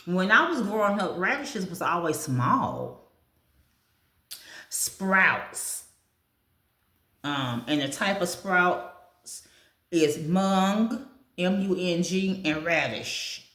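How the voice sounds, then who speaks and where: A woman chats casually on camera while she eats breakfast, going down a food list and adding her own comments. Her voice sits a little low and she talks at an unhurried pace. The room around her is echoey. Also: lively intonation, a bit bright. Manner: chatty, reads a food list aloud and comments on it; talks with her mouth full. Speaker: vlogger. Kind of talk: casual chat while eating.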